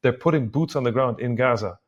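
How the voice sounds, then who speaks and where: A man co-hosting a discussion podcast from a remote call, talking in a halting way with many restarts. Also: mid-range voice, muffled recording. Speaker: podcast co-host. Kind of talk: casual discussion. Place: Beirut, at a university.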